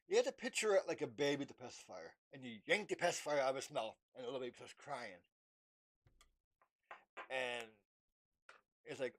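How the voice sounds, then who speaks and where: A young man rambles to his camera in a casual, halting monologue, full of fillers and restarts. His voice sits in a middle pitch for a man. He keeps acting out both sides of imagined exchanges. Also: expressive. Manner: halting, many fillers and restarts, acts out dialogue. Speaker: vlogger.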